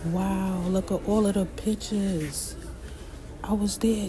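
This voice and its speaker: A woman's voice: mid-range voice, takes it slowly. A woman filming a casual vlog as she walks through a museum exhibit, talking to herself in amazed, emotional asides. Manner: excited, emotional, talks under her breath to herself. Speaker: vlogger touring an exhibit. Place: indoor museum exhibit among crowds.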